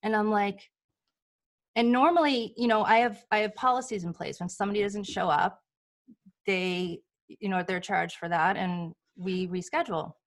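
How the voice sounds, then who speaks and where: With a mid-range voice at a moderate pace, a woman healer from the United States chats casually as a talk show guest. Recounting personal stories, she animatedly acts out quoted voices.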